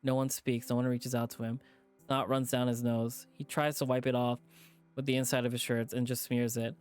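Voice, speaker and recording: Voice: mid-range voice, level tone, moderate pace, a little mellow, smooth. Stressed-out streamer reading a visual novel. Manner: rattled, repeating itself, swearing under its breath. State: stressed, shaken. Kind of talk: reading a game aloud with character voices.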